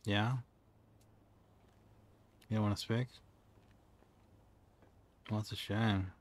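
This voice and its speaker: A young man in character as a police officer during game role-play, speaking in a calm, coaxing tone. His voice sits a bit on the low side. He keeps up a dry, joking patter. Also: slow.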